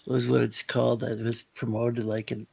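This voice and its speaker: A man hosting a casual chat, speaking in a halting, hesitant way with many fillers. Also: mid-range voice, flat delivery, gravelly, mellow, a little hiss or hum. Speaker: host.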